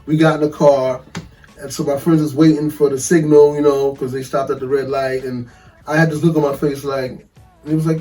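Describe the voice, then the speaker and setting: Animated man telling a story, distant mic. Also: fairly high pitch, fairly quick, soft background music. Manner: animated, profane, laughs often, acts out quoted voices. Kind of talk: casual storytelling.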